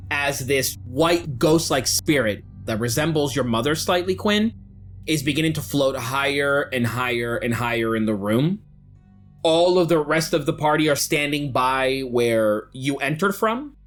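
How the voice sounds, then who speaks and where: A man's voice: medium pitch, fairly bright tone. Man narrating a tabletop game. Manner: descriptive, measured narration. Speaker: game master.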